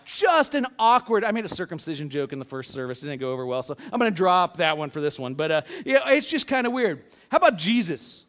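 A man with a notably high voice delivers a sermon from the pulpit. He talks casually and jokes with his congregation, slipping into quick voiced asides as he tells stories. Animated and conversational. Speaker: pastor. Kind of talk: humorous sermon. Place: church sanctuary.

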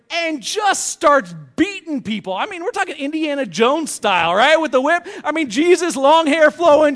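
A man preaching a humorous sermon to his church, telling stories in a casual, joking way with quick voiced asides. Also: extremely high pitch. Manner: conversational, jokey, animated storytelling with quick voiced asides. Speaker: pastor. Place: church sanctuary.

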